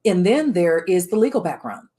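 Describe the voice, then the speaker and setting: A woman's voice: lowish voice, big pitch swings, normal speed, warm tone. A middle-aged woman giving a live workshop talk, frank and emphatic, with many fillers and restarts. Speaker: workshop speaker on the chief of staff role.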